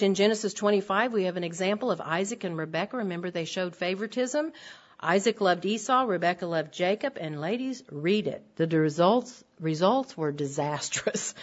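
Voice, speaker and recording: An older woman giving an earnest, direct Bible lesson to women, with frequent ums. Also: on the low side. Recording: dull lo-fi recording.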